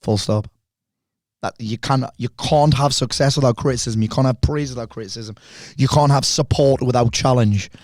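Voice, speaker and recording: A man's voice: medium pitch, darkish tone, no room sound. Brash man, straight-talking guest, close dry mic. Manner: blunt, fast-talking, heavy swearing. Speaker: podcast guest, speaker and coach. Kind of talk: candid conversation.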